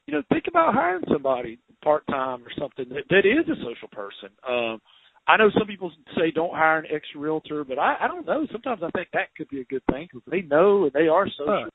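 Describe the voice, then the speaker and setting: A man's voice: a little high, sing-song, fast, breathy edge. Chatty Southern man, phone-like sound. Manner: chatty, laughs often, many restarts. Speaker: podcast host, home inspector. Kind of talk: casual interview chat. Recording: dry, phone-like narrow sound.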